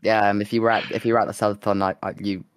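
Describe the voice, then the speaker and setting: A young man co-hosting a casual chat, animated and swearing, acting out what people said. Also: on the low side, very fast, smooth, no echo. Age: young adult. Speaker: podcast co-host and streamer.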